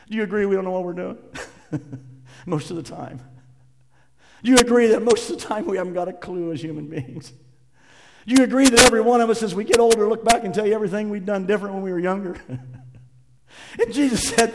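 A man preaching a sermon, moving between loud, impassioned passages and quiet, hushed readings of scripture. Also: sits high, a little fast, gravelly, pauses often, long reverb tail, very noisy. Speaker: pastor.

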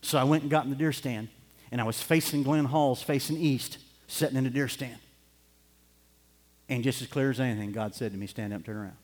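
A middle-aged pastor with a mid-range, darkish voice preaches a sermon at a fairly quick pace, earnestly recounting a personal story before building to fervent urging. A long hall reverb surrounds his voice.

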